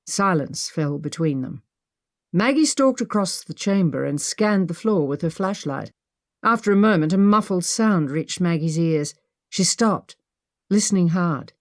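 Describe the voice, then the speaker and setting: A woman reading an adventure audiobook as narrator, with expressive storytelling. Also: fairly low pitch, moderate pace, no room sound, clean studio sound.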